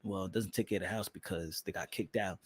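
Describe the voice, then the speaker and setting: A man's voice: low-pitched, fairly even intonation, brisk, slightly rough, no room sound. A man hosting a boxing talk show, ranting comedically with lots of profanity and laughter between lines. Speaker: boxing podcast host. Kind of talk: comedic rant.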